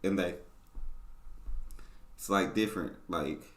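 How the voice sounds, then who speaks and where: A man's voice: sits low, takes it slowly, reverberant. An American man hosting a reaction video, chatting casually in a laid-back, slangy, joking way. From United States. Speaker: reaction channel host.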